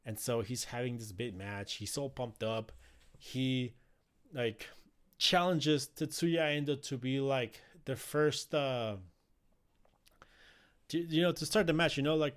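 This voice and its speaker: A man's voice: mid-range voice, slow pace, pauses often, smooth. A man casually recapping a wrestling show, rambling with many fillers and restarts. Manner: rambling, frequent fillers and restarts, laughs easily. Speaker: wrestling podcast host.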